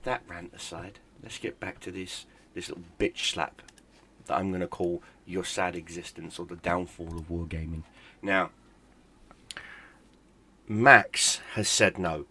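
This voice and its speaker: A man's voice: deep voice, fairly even intonation, measured pace, sharp tone, a little hiss or hum. A middle-aged man, a gaming YouTuber, in a heated, profane, sarcastic rant. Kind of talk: angry ranting commentary.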